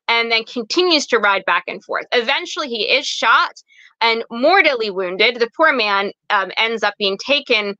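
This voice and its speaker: Bright-voiced woman telling history dramatically. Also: fairly high pitch, moderate pace, dry recording, lo-fi sound. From United States. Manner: animated, dramatic retelling with many fillers. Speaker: guest author. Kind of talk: historical storytelling.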